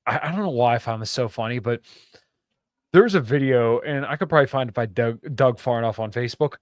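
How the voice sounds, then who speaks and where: A young man who is a father, co-hosting a podcast, chatting in a laid-back, halting way with many restarts. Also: medium pitch, no room sound, studio quality. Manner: laid-back, hesitant, repeats words. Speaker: podcast co-host. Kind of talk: casual podcast chat.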